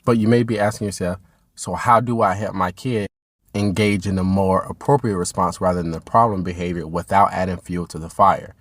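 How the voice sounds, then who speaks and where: A man with a fairly low voice gives parents steady, instructive advice on their children's behavior. He keeps an even, calm delivery, and the sound is close and dry with almost no room echo. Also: a little fast. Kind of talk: direct-to-camera parenting advice.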